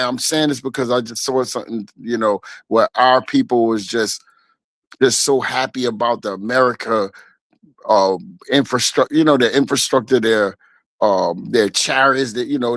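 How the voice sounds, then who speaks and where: A man reading scripture aloud and riffing on it in casual, halting street talk as an elder on a streamed discussion. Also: mid-range voice, a bit bright, dry recording. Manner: street-talking preacher, reads verses then riffs with fillers. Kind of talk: preaching in casual chat.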